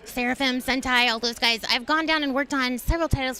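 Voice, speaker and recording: A woman's voice: high voice, a little fast, hardly any pauses, sharp tone. A woman in her thirties, a voice actress talking enthusiastically in a convention interview. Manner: bubbly and enthusiastic. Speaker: voice actress and guest.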